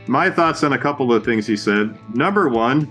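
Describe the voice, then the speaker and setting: Man, co-host, casual chat, earnest and methodical, medium pitch. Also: lively intonation, unhurried, a bit bright, soft background music. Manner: earnest, conversational, making points one by one. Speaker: podcast co-host.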